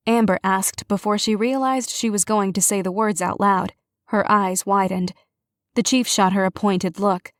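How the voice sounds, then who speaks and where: A woman narrating a mystery audiobook in an even, unhurried storytelling manner. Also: medium pitch, no room sound, studio quality. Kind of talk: scripted narration.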